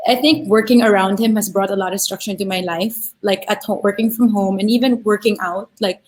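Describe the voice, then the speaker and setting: A woman, a bride-to-be, chatting casually on a video call, starting hesitantly with halting restarts. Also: medium pitch, fairly even intonation, a little mellow, low-quality recording. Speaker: guest, bride-to-be. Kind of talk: casual chat.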